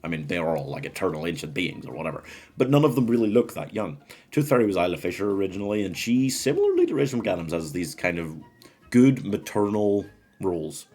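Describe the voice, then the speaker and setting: A man's voice: sits low, big pitch swings, fast talker, warm tone, breathy edge. A man hosting a casual fan-casting video, chatty and laughing at his own choices. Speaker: host.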